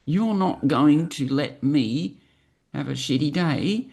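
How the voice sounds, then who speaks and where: A woman in her sixties talks as an interview guest with a gravelly texture in her voice. Her intonation rises and falls expressively. She speaks earnestly and at a measured pace, often pausing on small fillers. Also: sits low, lively intonation, dark tone. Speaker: podcast guest. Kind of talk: reflective interview talk.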